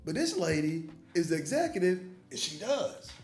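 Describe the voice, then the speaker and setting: A man's voice: a little high, normal speed. A man from North Carolina with a Southern accent, a pastor hosting a casual conversation, who tells stories and acts out what others said. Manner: animated storyteller acting out quoted voices. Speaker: pastor and host. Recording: roomy room with faint music.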